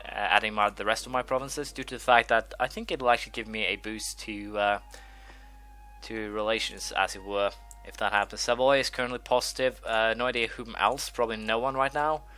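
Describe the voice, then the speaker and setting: A man's voice: fairly low pitch, fairly even intonation, brisk, sharp tone. A man hosting a strategy-game let's play, thinking aloud with many fillers and restarts while he has the hiccups. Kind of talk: gameplay commentary.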